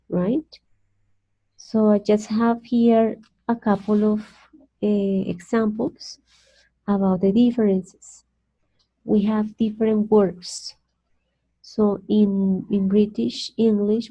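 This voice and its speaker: A Colombian woman, a native Spanish speaker, teaching an online English class slowly and carefully, repeating words for her students. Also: medium pitch, mellow. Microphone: video call. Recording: dull lo-fi video call audio.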